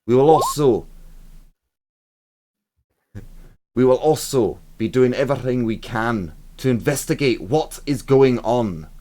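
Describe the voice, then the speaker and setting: A stern, loud military lord commander with a put-on Scottish accent, as a man puts him on, proclaiming to a crowd in a tabletop game. His voice is raised and commanding. The delivery is slow and weighty. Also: mid-range voice, pitched above the performer's own voice, natural voice. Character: angry male military lord commander giving a speech.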